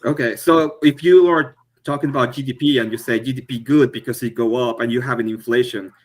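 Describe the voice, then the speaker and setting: A man in an online debate who asks calm, pointed, leading questions over a home computer mic on a voice call. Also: medium pitch, fairly quick. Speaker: debate participant.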